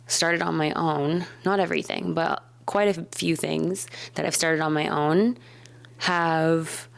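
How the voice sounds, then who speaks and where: A woman vlogging, talking thoughtfully and softly to camera about her own habits and fears, sometimes dropping to a whisper. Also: low-pitched, vocal fry. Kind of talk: reflective casual talk to camera. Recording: echoey room with faint background noise.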